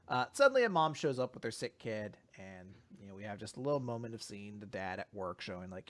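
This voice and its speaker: A podcast host with a lowish male voice retells a manga chapter in a casual recap chat, talking fairly quickly with few pauses. His storytelling is animated and packed with fillers.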